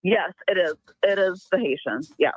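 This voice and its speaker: A woman's voice: on the low side, lively intonation, moderate pace, husky, no echo, highs cut off. Insistent woman guest on a stream panel. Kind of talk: casual panel chat.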